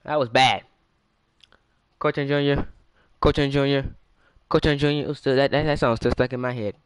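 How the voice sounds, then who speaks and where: A man giving casual game commentary in a playful, excitable way, often chanting. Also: medium pitch, normal speed, smooth, no echo. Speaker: gamer.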